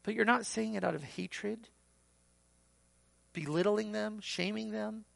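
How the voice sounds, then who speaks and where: A man's voice: high voice, measured pace, gravelly, a bit bright, no echo. A man preaching a sermon as pastor, acting out quoted voices and rising sharply for emphasis.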